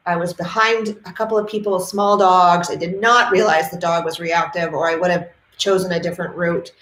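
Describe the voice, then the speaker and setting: A middle-aged woman from New England, talking to camera as a dog trainer, telling stories with passion and quick acted-out quotes. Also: medium pitch, slight background noise. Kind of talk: casual talk to camera. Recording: roomy echo.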